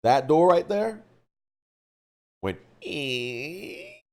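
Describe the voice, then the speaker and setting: A man co-hosting a live stream, telling a gaming story in an animated way, acting out voices and screams. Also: mid-range voice, moderate pace. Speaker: co-host of a hobby live stream.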